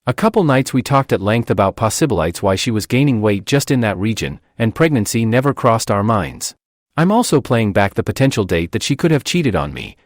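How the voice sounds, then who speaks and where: A man's voice: mid-range voice, no echo, clean studio sound. A man giving a scripted narration of an online post, reading it expressively. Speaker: story narrator.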